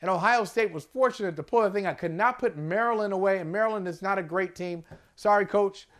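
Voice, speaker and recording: A man co-hosting a casual sports talk show, emotional and animated, laughing often as he talks. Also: sits high, a little fast. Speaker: co-host.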